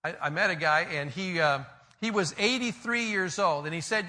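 A man's voice: high voice, moderate pace, bright, forceful tone. A man as a pastor, giving a conversational sermon with joking asides and retold stories.

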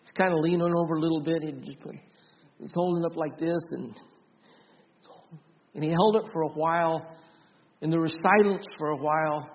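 A man preaching a sermon as pastor, earnest, often repeating and restarting words, swinging from loud emphasis to soft, quiet storytelling. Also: on the high side, fairly even intonation, moderate pace, long pauses, highs cut off. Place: church.

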